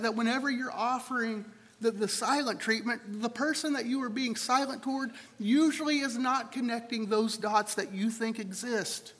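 A man with a strikingly high voice delivers a sermon to a congregation. He talks conversationally, often stumbling and repeating words as he thinks aloud. His voice rings out with the long reverb of a large church sanctuary. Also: a bit bright. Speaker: pastor.

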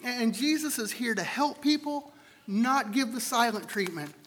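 High-voiced man preaching in a reverberant hall. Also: lively intonation, measured pace, fairly bright tone. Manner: conversational, repeats words while thinking aloud. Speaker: pastor. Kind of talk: sermon.

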